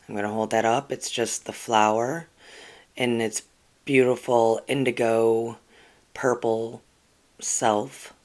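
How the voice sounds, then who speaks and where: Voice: mid-range voice, level tone, slow pace. A spiritual channel host on a casual livestream, reading oracle cards and chatting earnestly to viewers, with lots of ums and restarts. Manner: rambling, with frequent ums and restarts.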